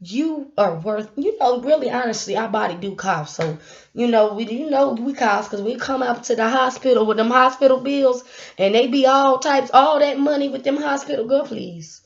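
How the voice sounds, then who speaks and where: Young woman, casual motivational vlog, animated and laughing, fairly high voice, muffled lo-fi audio. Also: normal speed. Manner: animated, laughing, sudden loud bursts. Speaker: YouTube vlogger. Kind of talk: casual motivational talk to camera. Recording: dull lo-fi sound.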